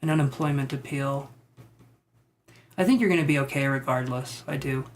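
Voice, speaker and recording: A man giving psychic tarot readings on a live stream. He talks in a tentative, musing way, thinks out loud with many fillers, and reassures his viewers. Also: mid-range voice, normal speed. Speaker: tarot reader.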